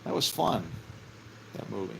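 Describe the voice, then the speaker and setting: A man's voice: lowish voice, sing-song, normal speed, vocal fry, a bit bright, slight background noise, rough recording. A middle-aged man musing casually on faith, rambling, often laughing and swearing offhand. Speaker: vlogger.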